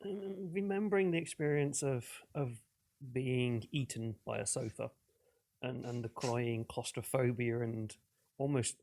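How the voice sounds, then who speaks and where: A man's voice: mid-range voice, unhurried, gravelly, a little mellow. A man playing a tabletop role-playing game, talking hesitantly about his moves. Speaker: player.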